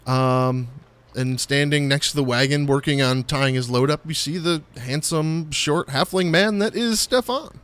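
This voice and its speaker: Higher-voiced man running a tabletop game. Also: fairly bright tone. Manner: halting, filler-heavy narration. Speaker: game master.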